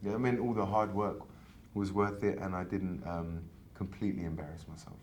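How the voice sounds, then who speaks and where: Slight background noise accompanies a brisk, low-sitting male voice. It's an English actor in his thirties in a casual interview, animatedly recounting stories and often backing up to begin again.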